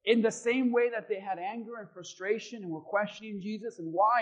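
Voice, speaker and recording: A high-voiced man preaching from the pulpit. He drops to a quiet, measured reading tone, then climbs into loud, fervent exhortation. His delivery is dramatic and insistent. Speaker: pastor. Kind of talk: sermon.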